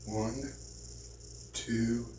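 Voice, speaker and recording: A man's voice: mid-range voice, fairly even intonation, extremely slow, background noise. A man hosting his own video, rambling casually and joking, with frequent swearing, recorded outdoors at night. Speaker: YouTube host. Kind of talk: casual vlog chat.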